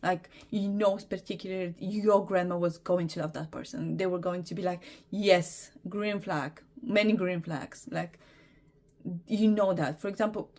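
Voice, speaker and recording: A woman's voice: on the low side, fairly even intonation, moderate pace, mellow. Hesitant, apologetic woman tarot reader. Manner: hesitant, apologetic, many fillers. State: emotional, teary. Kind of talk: casual tarot reading.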